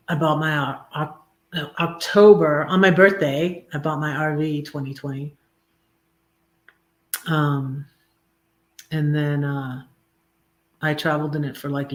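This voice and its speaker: Rambling woman hosting a livestream. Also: low voice. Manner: rambling, lots of ums and restarts; reads own poems softly and tenderly. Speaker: livestream host reading poetry and devotions. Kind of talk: casual live chat with poetry reading.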